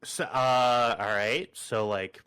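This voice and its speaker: A man's voice: medium pitch, slow pace, clean tone. A man chatting casually before a tabletop game, telling a story and acting out what other people said. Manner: animated storyteller, acts out other people's lines. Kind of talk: casual pre-game banter.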